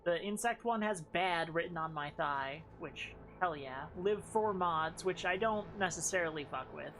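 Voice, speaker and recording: A woman's voice: on the low side, moderate pace, a bit bright, slight background noise. A woman streaming a game and chatting casually with her chat. She thinks aloud and swears often. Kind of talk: casual live game commentary.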